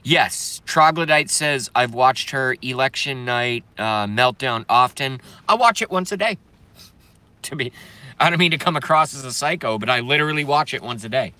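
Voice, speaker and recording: A man ranting angrily and profanely while reading viewer comments, swinging between yelling and mumbling. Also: mid-range voice, normal speed, clean tone, no room sound. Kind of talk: angry political rant and comment reading.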